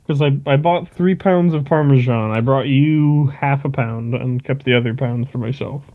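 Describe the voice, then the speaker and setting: Male co-host with dry, deadpan humor, on slightly muffled audio. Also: medium pitch, normal speed. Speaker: podcast co-host. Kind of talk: casual podcast chat. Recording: slightly dull podcast audio.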